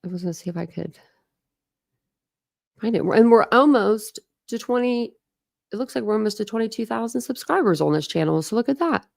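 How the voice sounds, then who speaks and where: Animated and a little fast, this young true crime host has a slightly high, darkish voice with vocal fry and long pauses. She rambles casually to her livestream audience, full of "like"s and restarts.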